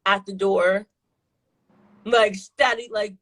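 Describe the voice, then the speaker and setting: On a roughly recorded live stream, a guest in her twenties rambles through a personal story, swearing and using lots of fillers. She speaks slowly, with medium pitch, fairly even intonation and a fairly bright tone.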